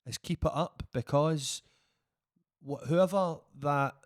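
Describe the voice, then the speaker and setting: Scottish podcast co-host, rambly and encouraging, dry close mic. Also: male voice, fairly high pitch, slow, no echo. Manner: rambling, restarts a lot, encouraging. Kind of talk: casual chat.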